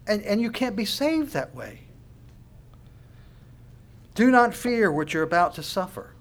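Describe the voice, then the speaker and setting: Male pastor, slightly high pitch, fervent sermon delivery with hushed-to-loud swings. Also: very animated, measured pace, long pauses.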